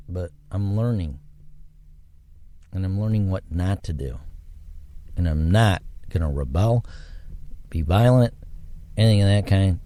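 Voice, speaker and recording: A man with a low, mellow voice hosts a solo podcast. His casual monologue rambles reflectively, with touches of religion.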